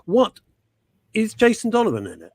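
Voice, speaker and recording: A man's voice: sits high, wildly swooping pitch, normal speed, no room sound. A man hosting a talk show, bantering and teasing in a theatrical way. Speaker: host.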